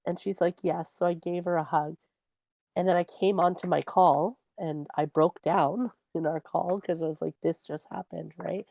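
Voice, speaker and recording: A woman's voice: fairly low pitch, fairly even intonation, moderate pace, creaky, warm tone, dry recording. A woman co-hosting a podcast, telling a personal parenting story in an earnest way. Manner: earnest storytelling, acts out her own quoted words. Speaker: podcast co-host. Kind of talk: casual chat.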